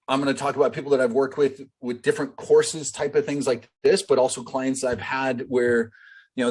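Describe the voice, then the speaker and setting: This business coach has a mid-range voice with a darkish tone. He's teaching a live online group call through a video-call microphone, keeping it loose and conversational, heavy on fillers and direct asks to the group.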